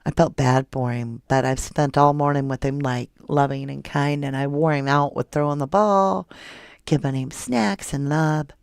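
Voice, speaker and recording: Low gravelly woman host. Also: moderate pace, dry recording, clean studio sound. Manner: chatty and animated, jumping up high when excited. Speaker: true crime livestream host. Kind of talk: casual live chat reading viewer comments.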